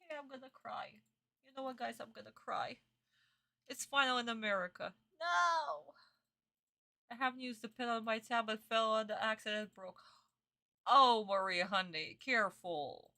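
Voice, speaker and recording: A woman's voice: on the high side, moderate pace, bright, forceful tone. A young woman streaming her reaction to a dubbed anime, chatting casually with viewers, exasperated, swearing and bursting into laughs.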